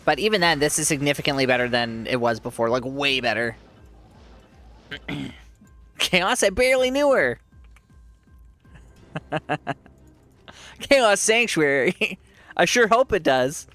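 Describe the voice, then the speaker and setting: A man's voice: on the high side, sing-song, measured pace, long pauses, bright, forceful tone, no room sound, faint music behind. A man streaming a game, giving casual commentary while chatting with his viewers, joking at his own expense and laughing often.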